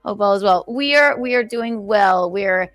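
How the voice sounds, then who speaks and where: A woman's voice: mid-range voice, normal speed, fairly bright tone, no room sound, soft background music. A pregnant woman co-hosting a casual podcast chat, emphatic, profane and supportive. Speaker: podcast co-host.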